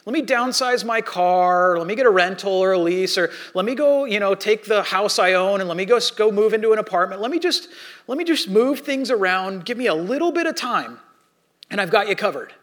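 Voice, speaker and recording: A man's voice: high voice, lively intonation, a little fast, a bit bright. A man voicing an anxious servant in debt who begs for more time, speaking earnestly. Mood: pleading. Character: pleading indebted male servant, anxious.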